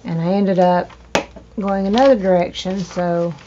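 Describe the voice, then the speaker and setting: A woman hosting a crafting video, chatting slowly to herself while she trims and glues, with hiccups now and then. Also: lowish voice, fairly even intonation. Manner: slow, chatty, talking to herself while working. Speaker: crafting channel host. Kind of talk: casual crafting narration. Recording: dull lo-fi home recording with faint noise.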